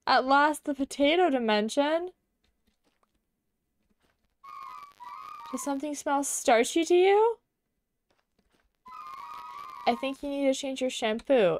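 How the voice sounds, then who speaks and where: A woman's voice: high voice, expressive, moderate pace, a little mellow, soft background music, pitched above the performer's own voice. A woman voicing a prim, fussy adventurer in a mock British accent, delivered in a theatrical, over-the-top posh manner. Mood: indignant.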